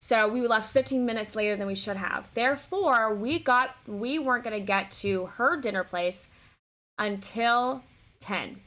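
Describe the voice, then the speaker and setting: Bright-voiced woman telling a story. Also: a little high, unhurried. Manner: animated, swears freely, full of restarts. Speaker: streamer. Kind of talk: casual storytelling to a live stream.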